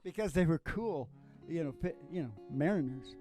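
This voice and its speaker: A man's voice: a little high, lively intonation, normal speed. A man who sings acoustic folk songs and then chats, rambling and joking. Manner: rambling, joking, laughs often. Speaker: singer and guitarist. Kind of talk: acoustic folk singing, then casual chat. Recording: loud guitar accompaniment.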